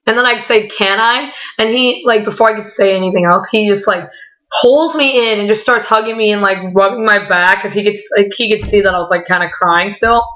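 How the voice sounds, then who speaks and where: Young woman, casual storytelling, rambling, excited, swears a lot, bright voice, dull lo-fi sound. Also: medium pitch, fairly quick. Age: young adult. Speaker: vlogger.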